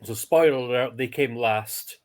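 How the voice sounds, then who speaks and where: A man's voice: mid-range voice, unhurried. A man co-hosting a casual podcast, hesitant with fillers as he talks. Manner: hesitant, lots of fillers and restarts. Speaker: podcast co-host. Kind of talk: casual chat.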